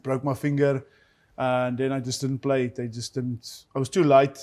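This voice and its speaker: A man from South Africa whose first language is Afrikaans, a former rugby player chatting as a guest and telling stories with fillers and halting restarts. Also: medium pitch, flat delivery, a little mellow. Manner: rambling storyteller, halting with fillers. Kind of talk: casual chat.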